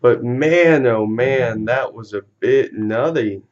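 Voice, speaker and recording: Slow-talking, easygoing male card streamer. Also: mid-range voice, a little mellow, lo-fi sound. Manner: laid-back, swears casually, easily amused. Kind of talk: casual live-stream commentary.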